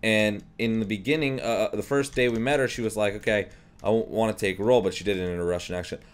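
Young male gameplay commentator, low voice, rambling and jokey. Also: steady tone, fast, smooth. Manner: rambling and jokey, with frequent restarts.

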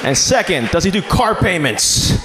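Man, stand-up comic, lively swooping pitch, fairly high voice, noisy club ambience, deadpan with shouted punchlines. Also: moderate pace, crowd noise. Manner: deadpan self-mocking delivery with sudden shouted punchlines. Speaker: stand-up comedian. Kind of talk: stand-up comedy set. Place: small comedy club stage.

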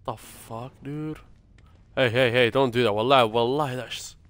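A young man talks through a horror game in a middle-pitched voice. He swears, mutters prayers under his breath and reacts nervously to every noise. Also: normal speed, a bit bright, no room sound. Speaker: gaming streamer.

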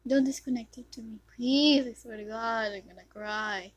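A woman casually commentating her own gameplay, excitable, with loud yelps and muttered whispers. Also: a little high, normal speed, rough recording. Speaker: gamer commentating her play.

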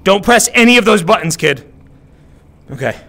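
A male streamer narrating his gameplay in casual, profane chatter. His voice runs a little higher than most men's and swings widely in pitch as he gets worked up and talks back to the game. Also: sing-song, moderate pace, creaky, sharp tone.

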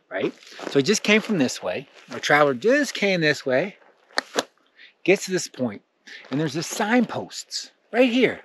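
A man hosting a motivational lesson, telling a story in an animated way and checking in with "right?" as he goes. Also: on the high side, a little slow, slight background noise. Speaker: channel host.

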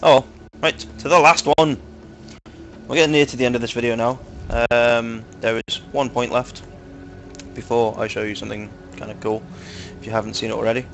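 A young man hosting a gaming video talks through the gameplay with friends, chatty and crude, leaning on fillers, in a Manchester English accent from his home city. His mid-range voice is a touch bright, with fairly even intonation and normal speed, over slight background noise.

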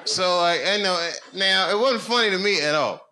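A man doing loose stand-up storytelling on a comedy club stage. He rambles, dropping to low mutters and then rising into loud, excited bursts. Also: moderate pace. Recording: noisy live club recording.

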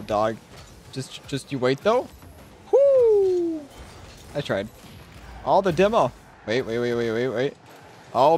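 Excitable young man streaming a game. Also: medium pitch, a little hiss or hum. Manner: excitable, shouts and squeals at big plays; joking, trash-talking banter. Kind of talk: live gaming commentary.

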